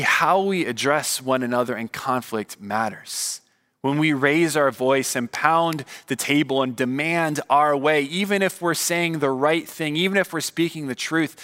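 A man in his thirties preaching a sermon as a pastor, earnest and emphatic, with deliberate pauses between key words. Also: mid-range voice, a bit bright, in a large hall. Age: 30s.

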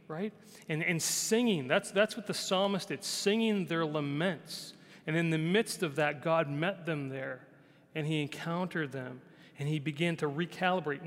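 A male pastor preaching a conversational sermon. He repeats phrases, often asks "right?", and sometimes drops to a soft, quiet voice. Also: a little high. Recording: long hall reverb.

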